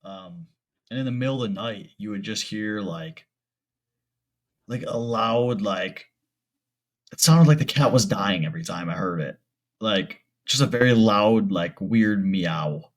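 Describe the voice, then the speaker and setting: A man co-hosting a podcast in casual chat, relaxed, swearing a lot and laughing easily. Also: lowish voice, unhurried. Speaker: podcast co-host.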